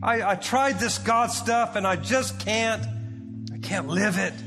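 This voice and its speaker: A man voicing a distraught disciple who feels he has failed, speaking in halting, repeated phrases. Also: high voice, big-room sound, over music. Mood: despairing.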